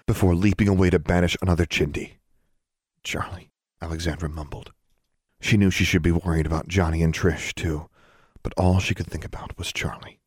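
Deep-voiced man reading a story, dry. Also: a little mellow, no room sound. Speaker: audiobook narrator. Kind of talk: scripted narration.

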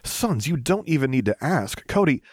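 A man reading the part of a frank young male engineer who is tired of politicians, in a quick, exasperated way. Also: mid-range voice, very animated, no room sound, studio quality, voice pushed up. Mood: earnest.

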